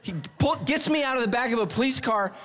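A senior pastor preaching with the animated, self-mocking timing of a storyteller. His male voice sits high, and each line rings out with a long church-hall reverb. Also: fast talker, faint music behind. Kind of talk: humorous sermon storytelling.

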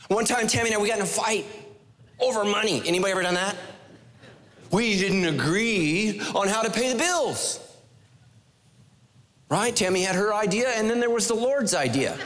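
A male pastor delivering an energetic sermon in a large church auditorium. His voice sits high and swings widely as he pelts the congregation with rhetorical questions and playful asides. A long reverb trails every phrase. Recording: long echoey hall reverb.

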